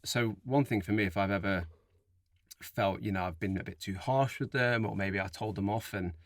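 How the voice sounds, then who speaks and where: A man with a fairly low voice gives earnest, thoughtful advice in a podcast conversation. The recording is dry and close-miked. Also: normal speed, dry recording. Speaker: podcast co-host. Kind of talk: casual chat.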